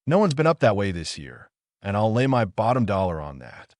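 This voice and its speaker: A man's voice: on the low side, very animated, a little fast, no room sound, clean studio sound. A man voicing a brash, bossy backwoods hunting guide with a nasal, folksy drawl, for an audiobook. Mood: insistent.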